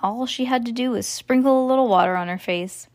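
Mom reading a kids' book aloud. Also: female voice, on the high side, brisk. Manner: relaxed, chatty asides.

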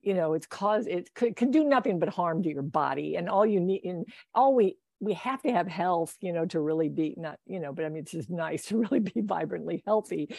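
A woman's voice: lowish voice, gravelly, a little mellow, dry recording, studio quality. A woman talking in a casual conversation, rambling with many restarts and laughing often. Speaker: guest.

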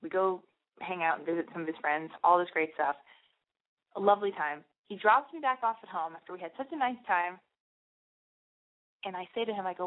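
A woman's voice: fairly low pitch, fairly quick, pauses often. A young woman hosting a podcast, rambling through a candid personal story with lots of "like" and fillers. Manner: rambling, confessional, heavy use of "like". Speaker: podcast host. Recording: phone-like narrow band.

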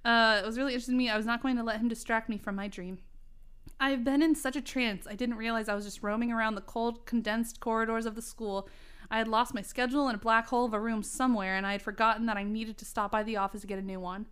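A woman's voice: fairly high pitch, fairly even intonation, quick pace, fairly bright tone, smooth. Woman laughing through reading her old story. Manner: laughing, self-mocking asides. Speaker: reader. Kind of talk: comedic reading of old teen fiction.

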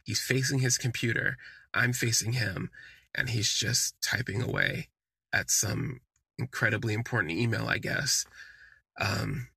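Male podcast host, gravelly and husky, candid conversational storyteller. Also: lowish voice, lively intonation, a little slow, pushed and bright, no room sound. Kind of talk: casual storytelling monologue.

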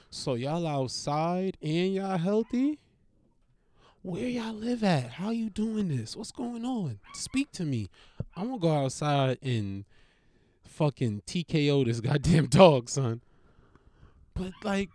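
A comedian rants to camera at a slow, drawn-out pace, full of swearing and stammered restarts. The voice sits at a middling pitch and sounds dry and close, with no room echo. Between rambling thoughts it breaks into loud scolding of a dog. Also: lively intonation. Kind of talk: profane comedic rant to camera.

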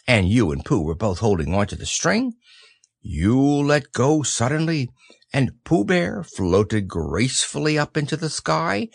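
A man reads a children's story aloud, gentle and unhurried. His voice is slow with a gravelly texture and swings through a lively melody. The sound is close and dry. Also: mid-range voice, no room sound.

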